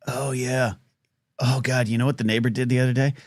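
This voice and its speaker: A man's voice: medium pitch, flat delivery, brisk, no echo, clean studio sound. A man hosting a live talk show, telling a rambling story full of fillers and restarts.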